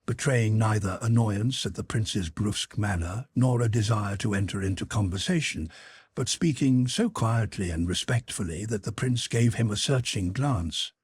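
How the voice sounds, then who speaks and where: A man narrating an audiobook in a measured, even storytelling manner. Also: fairly low pitch, husky, no room sound. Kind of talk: scripted narration.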